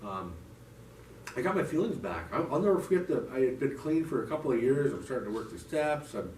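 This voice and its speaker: A man's voice: mid-range voice, big pitch swings, brisk, a little mellow. A man giving a heartfelt, rambling personal testimony to a church recovery group, full of restarts and "you know". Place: church meeting room. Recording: echoey room, mic from a distance, faint noise.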